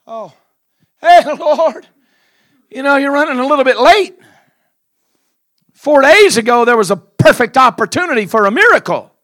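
A preacher voicing Martha, a grieving woman who loudly reproaches Jesus in a high, scolding voice. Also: expressive, moderate pace, pauses often. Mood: reproachful.

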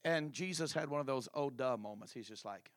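A male preacher telling a story in a sermon, animated and colloquial. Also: medium pitch, a little fast, no room sound.

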